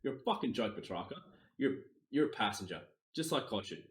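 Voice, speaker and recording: Brief: young Australian male podcast host, blunt and profane, full of ums, low-ish voice, roomy sound. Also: animated, fairly quick. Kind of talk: casual opinion rant. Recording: roomy echo.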